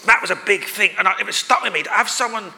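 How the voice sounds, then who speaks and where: A man with a high, sharply bright voice tells a rambling, self-deprecating story as a guest at a live podcast recording. His voice carries the long reverb of the venue. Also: fast talker, gravelly. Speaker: guest performer. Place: stage at a live show.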